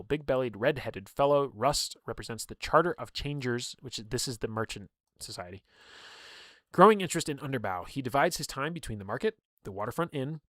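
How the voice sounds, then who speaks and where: A man's voice: medium pitch, no room sound, studio quality. A young man casually reading through a game book on a livestream, breaking off for chatty asides and laughs.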